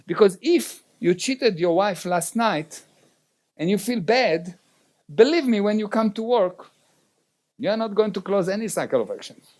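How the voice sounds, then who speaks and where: A man with a fairly high voice delivers a motivational seminar talk. He speaks non-native English and keeps checking in with his audience directly. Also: expressive, normal speed, darkish tone.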